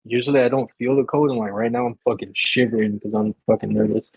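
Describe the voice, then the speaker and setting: A man's voice: mid-range voice, fairly even intonation, fast, slightly rough, dry recording, narrow, tinny audio. A man playing a tabletop game, nervous and filling his talk with "like". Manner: nervous, says "like" often. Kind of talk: casual game chat.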